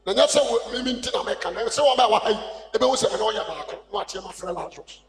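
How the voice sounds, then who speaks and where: Man, Ghanaian accent, evangelist sermon, very high voice, booming hall reverb. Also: expressive, quick pace. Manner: impassioned, shouting call-and-response preaching mixing two languages.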